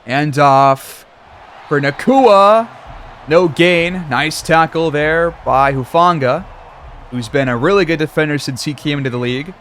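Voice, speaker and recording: A man giving play-by-play commentary over a football video game, reacting loudly to big plays. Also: fairly high pitch, normal speed, slight background noise. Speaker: gaming commentator.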